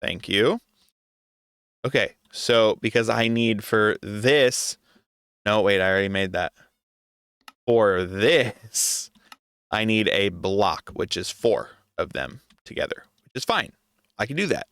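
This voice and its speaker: Animated man talking through his game. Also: fairly low pitch, slow pace, pauses often, smooth, no echo, clean studio sound. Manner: talks to himself, exasperated and joking. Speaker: gaming video creator. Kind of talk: casual gameplay commentary.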